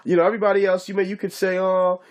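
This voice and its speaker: Guy ranting on his channel, cussing a lot, kinda high voice for a dude, keeps going "you know what i'm saying". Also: monotone, racing. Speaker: YouTube commentator. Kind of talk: casual ranting commentary.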